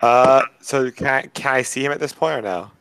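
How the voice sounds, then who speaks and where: A man's voice: medium pitch, moderate pace, a bit bright, smooth. A man playing a tabletop game, politely asking careful rules questions. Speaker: player. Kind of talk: casual tabletop game chat.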